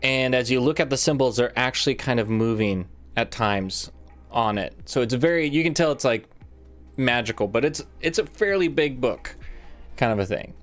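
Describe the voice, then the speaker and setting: A game master narrating a live tabletop game at an even, middling pitch. The telling rambles and is full of ums and restarts, with frequent laughter. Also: normal speed, soft background music. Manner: rambling, filler-heavy, laughs often.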